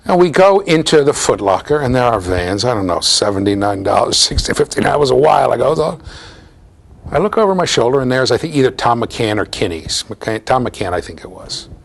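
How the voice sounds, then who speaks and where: This middle-aged American lectures at a university in a storytelling style, peppered with asides to the class. His voice is medium-pitched and gravelly, very animated and brisk.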